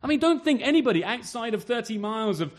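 A man's voice: very high-pitched, fast talker. A man preaching a sermon to a local church congregation, firing off rhetorical questions and acting out little exchanges. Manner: lively, full of rhetorical questions and acted-out exchanges.

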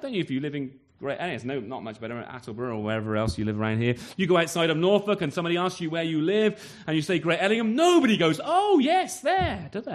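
A man preaching a sermon to a local church congregation, firing off rhetorical questions and acting out little exchanges. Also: fairly high pitch. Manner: lively, full of rhetorical questions and acted-out exchanges.

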